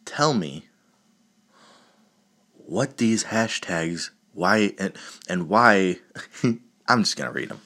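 A man hosts his own podcast alone, riffing casually and cracking crude jokes with frequent laughter. His voice sits low and his pace is unhurried. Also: very animated, fairly bright tone. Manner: crude, joking, laughs often. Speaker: podcast host. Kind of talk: casual solo podcast talk.

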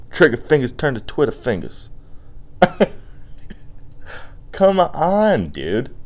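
A man's voice: low voice, darkish tone. A young man hosting a podcast, rambling through casual chat with crude jokes and lots of fillers.

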